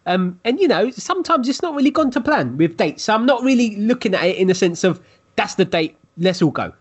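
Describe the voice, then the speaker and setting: A man co-hosting a casual podcast, talking in a measured, slightly doubtful way. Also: high-pitched, big pitch swings, husky. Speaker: podcast co-host.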